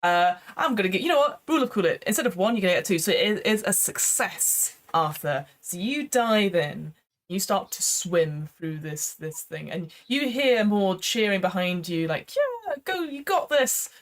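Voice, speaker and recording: On a remote call, a woman with a fairly low voice runs an improvised tabletop game as game master. She talks at a normal speed, animated and chatty, laughing often and restarting hesitantly now and then.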